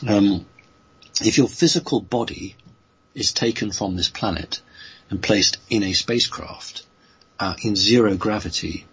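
A man with a very deep, gravelly-husky voice works through his answers slowly, pausing on fillers and restarting sentences as he goes. The audio is muffled and lo-fi. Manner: slow, halting, many fillers and restarts. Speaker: guest answering listener questions. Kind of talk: unscripted spoken answers.

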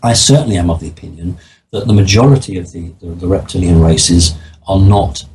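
A man's voice: low-pitched, brisk, darkish tone, slight background noise, rough recording. A man talking as a guest in an interview, explaining his views in an earnest, matter-of-fact way. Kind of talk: interview conversation.

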